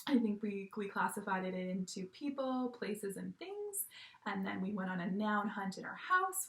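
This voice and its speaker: A young woman teaching a video lesson to young children from home, with a cheerful, animated manner and acting out words as she goes. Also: on the high side, reverberant.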